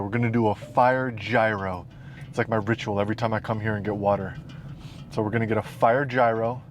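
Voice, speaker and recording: Young guy, fitness vlogger type, hyping himself up jokingly while driving, faint background hum. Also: medium pitch. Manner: playful, self-mocking hype. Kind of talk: casual vlog talk to camera. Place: in a car.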